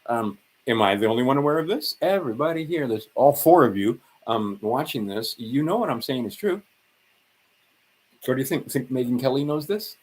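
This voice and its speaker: A man's voice: medium pitch, slightly rough. A man ranting sarcastically and profanely on a livestream, rambling and tired. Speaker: livestream host.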